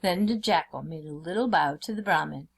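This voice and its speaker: A woman teacher reading a folk tale aloud for a lesson, in a clear storybook manner. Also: low-pitched, a little fast, background noise.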